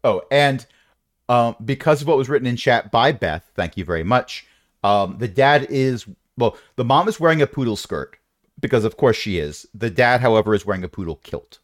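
A man's voice: medium pitch, expressive, normal speed, dry recording, studio quality. A man narrating a tabletop game as game master, with playful, rambling descriptions and asides.

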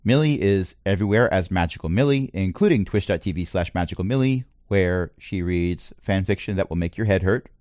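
Podcast host, male, low and animated delivery, dry recording. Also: a little fast, few pauses, dry recording. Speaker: middle school teacher. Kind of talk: casual chat.

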